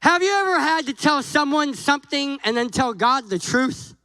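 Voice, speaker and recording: A man's voice: extremely high pitch, moderate pace, no room sound, poor audio. A man preaching a sermon as a guest pastor, joking and acting out conversations with God and Moses. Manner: animated, jokey, acts out dialogue with God and Moses.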